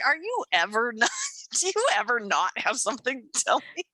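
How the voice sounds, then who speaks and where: A woman co-hosting a podcast, telling stories in a casual chat, animated, acting out voices and laughing often. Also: medium pitch, brisk, no room sound. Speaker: podcast co-host and coach.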